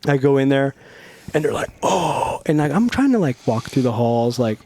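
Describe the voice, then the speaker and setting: A middle-aged man from Northern California, a podcast guest telling stories in a casual, profane, animated way and acting out the quotes. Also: medium pitch, normal speed, dry recording. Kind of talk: casual storytelling.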